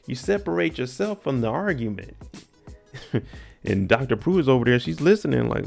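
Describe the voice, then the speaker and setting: A man's voice: medium pitch, expressive, normal speed, creaky, darkish tone, soft background music. A man casually recapping a TV episode, with laid-back, joking slang. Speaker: TV recap host.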